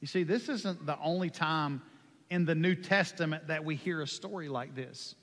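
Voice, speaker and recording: A man preaching a sermon with passion, moving from hushed lines to loud ones. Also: on the high side, normal speed. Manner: impassioned, swings from hushed to loud. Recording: long hall reverb.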